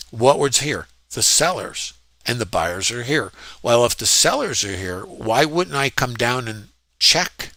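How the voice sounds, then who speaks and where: A man's voice: medium pitch, pushed and bright, no echo. A man walking through his trades in a casual, rambling lesson, often asking rhetorical questions. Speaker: trading educator. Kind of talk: screen-share trading lesson.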